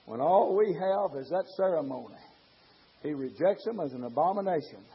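A man preaching a fervent sermon in shouted rhythmic bursts, with quieter asides between. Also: a little high, animated, normal speed, breathy edge. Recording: dull lo-fi recording with faint congregation.

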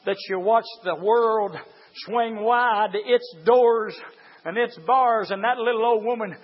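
A man preaching a fiery sermon, moving from quiet storytelling to high shouted exhortation. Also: slow pace. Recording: dull lo-fi church recording.

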